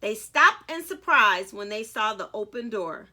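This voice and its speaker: A woman author reading a story aloud to children, animated and speaking directly to young listeners. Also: medium pitch, unhurried.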